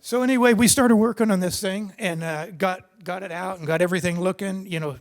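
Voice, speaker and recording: In a seminar hall, an older man with a high voice speaks at a fairly quick clip. His talk is personal storytelling about racing, loose and conversational, full of restarts.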